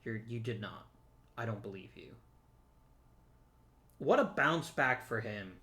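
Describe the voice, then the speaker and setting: A man records casual let's play commentary in a bright, forceful voice. He jokes as he goes and talks straight to the viewers and the players in the game. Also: lowish voice, lively intonation, a little slow. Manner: chatty and joking, talks to the viewers and to the players on screen.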